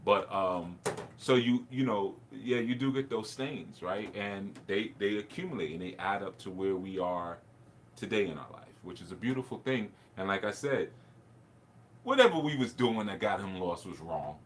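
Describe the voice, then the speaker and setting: A man's voice: on the low side, animated, moderate pace, a little hiss or hum. A man, a spiritual teacher, telling a personal story in a rambling, reflective way, with laughs and restarts.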